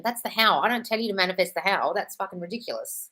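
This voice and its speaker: Blunt, fast-talking British woman. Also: medium pitch, expressive, pushed and bright. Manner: blunt, swears freely, calls listeners darling. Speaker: host answering viewer questions. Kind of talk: casual live-stream Q&A.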